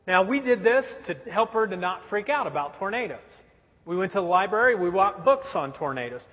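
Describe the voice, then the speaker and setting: A man in his thirties preaching a sermon, telling stories about his young children in a lively storytelling way. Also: sits high, a little fast. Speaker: pastor. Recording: dull recording in a reverberant hall.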